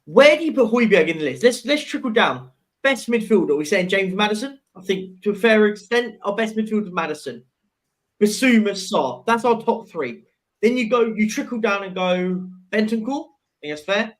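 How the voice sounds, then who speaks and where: A co-host joins a football chat and talks through a ranking step by step. His tone is measured and his pitch is middling. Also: lively intonation.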